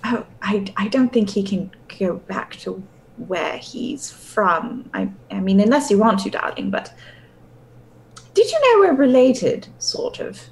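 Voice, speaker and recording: A woman playing a tabletop role-playing game, speaking gently and a little hesitantly. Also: mid-range voice, unhurried, creaky, slight background noise, rough recording. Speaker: player. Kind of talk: casual tabletop role-play.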